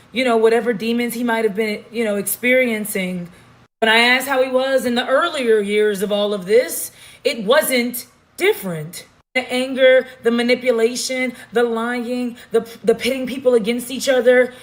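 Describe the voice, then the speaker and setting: A woman in a storytime vlog, with a slightly high voice and a sassy, emphatic delivery. She makes pointed asides straight to her viewers. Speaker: storytime vlogger.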